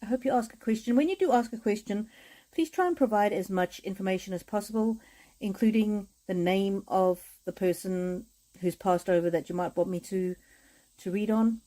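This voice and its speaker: A woman chatting with viewers on a live stream as an oracle card reader, speaking in gentle, repetitive affirmations with frequent hesitations. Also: medium pitch, moderate pace, low-quality recording.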